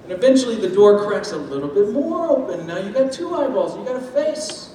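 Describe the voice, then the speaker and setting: A man giving a lively talk to an audience, using food analogies and acting out quoted voices. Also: high-pitched, fairly quick, slight background noise. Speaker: speaker on step parenting. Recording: echoey hall from far off, faint ambience.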